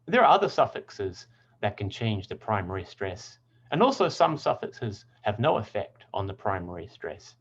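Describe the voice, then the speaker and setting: A man teaching English pronunciation, speaking in clear, deliberate tones and carefully sounding out example words. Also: lowish voice, sing-song, lo-fi sound. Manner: clear, deliberate word demonstrations. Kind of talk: scripted lesson narration.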